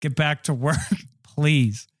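A man co-hosts a comedy podcast, his voice sitting a bit high. He jokes in a goofy mock-announcer style, recorded dry and close. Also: slow pace, dry recording. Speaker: podcast co-host.

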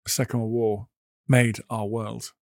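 A man hosting a podcast, telling history in a measured, emphatic storytelling manner. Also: lowish voice, level tone, creaky, a little mellow, no echo, studio quality. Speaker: podcast host. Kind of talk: scripted history narration.

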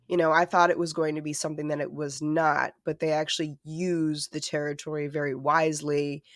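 Podcast co-host, casual chat, animated and profane, joking, middle pitch, dry close sound. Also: no echo. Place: lives in New York City.

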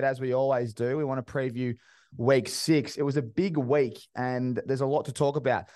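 An upbeat Australian man hosts a sports podcast in a casual, chatty way, full of friendly banter. The sound is dry and close to the mic, with no room echo. His voice sits at a middling pitch. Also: level tone, moderate pace, darkish tone, smooth. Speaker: podcast host.

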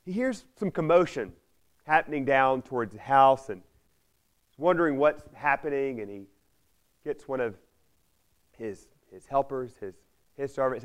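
A man preaching a sermon, retelling a parable with lively emphasis and briefly acting out the characters' lines. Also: mid-range voice, moderate pace, pauses often. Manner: emphatic, repeats key phrases.

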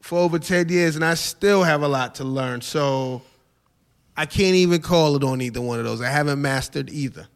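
A man's voice: on the high side, moderate pace. A man who is a stand-up comedian and host, talking casually in an interview, laid-back and repeating his phrases.

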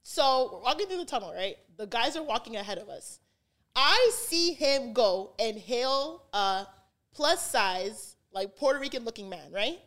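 Brief: young woman, slightly high voice, lively podcast storyteller who keeps saying "like". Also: unhurried. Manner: animated, heavy use of "like", acts out quotes. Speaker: podcast guest. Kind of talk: casual storytelling chat.

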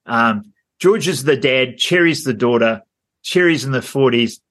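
This man co-hosts a podcast and tells a meandering story in relaxed conversation, full of fillers and frequent laughs. His mid-range voice is animated and a little bright, and he keeps a measured pace.

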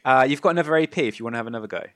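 A man's voice: mid-range voice, very fast, a bit bright, no echo, clean studio sound. A man narrating as game master of a tabletop game, describing gory action with relish and lots of fillers. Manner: gleeful, gory narration with frequent fillers and laughs.

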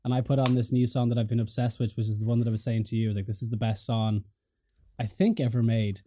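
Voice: mid-range voice, little pitch movement, quick pace, warm tone, a little hiss or hum. A podcast host chatting casually with a co-host, laughing often and swearing offhandedly, wearing headphones. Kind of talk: casual chat.

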